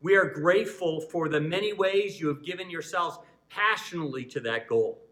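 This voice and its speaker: A man's voice: on the high side, moderate pace, a bit bright, low-quality recording. A male pastor speaking earnestly to his congregation, introducing a guest speaker and leading a prayer. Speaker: church pastor introducing a video message. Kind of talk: church announcements and prayer.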